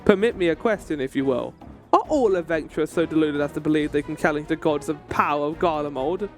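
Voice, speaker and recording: A man reading out the lines of a haughty male imperial commander from a game, in a lowered, mocking and menacing tone. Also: brisk, faint music behind, close to an everyday voice. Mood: scornful. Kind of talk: reading game dialogue aloud.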